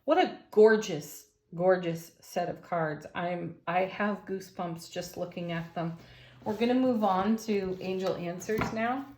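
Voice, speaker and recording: A woman's voice: lowish voice, steady tone, unhurried, slight background noise. Enthusiastic woman reading tarot, roomy echo. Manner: gentle, enthusiastic, affirming. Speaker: tarot reader.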